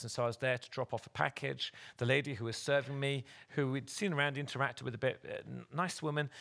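Gravelly-voiced man preaching. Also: medium pitch, fairly bright tone. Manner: earnest, direct exhortation to the congregation. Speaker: pastor. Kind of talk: sermon. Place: church service.

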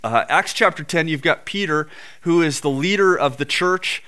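Male pastor, sermon delivery, earnest storyteller, slightly high and very clear tone. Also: normal speed, pushed and bright. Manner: earnest storytelling, repeats words when building up. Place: church with screens on stage.

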